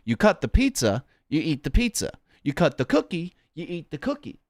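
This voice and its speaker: A man's voice: fairly high pitch, huge pitch swings, moderate pace, few pauses, dry recording, clean studio sound. A man chatting casually on a stream, rambling and swearing in a jokey, offhand way. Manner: rambling, profane, jokey, says "bro".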